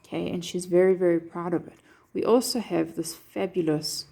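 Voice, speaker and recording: A woman's voice: fairly low pitch, steady tone, moderate pace, gravelly, dark tone. A woman teacher explaining a poem line by line, checking in with her students with a frequent "okay". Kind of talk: poetry lesson explanation.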